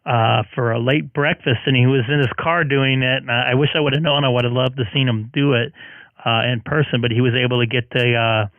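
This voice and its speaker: A man hosting a ham radio live stream in casual chat, talking in a relaxed, halting way with many fillers while losing his voice. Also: mid-range voice, dry recording, narrow, tinny audio. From Southern California.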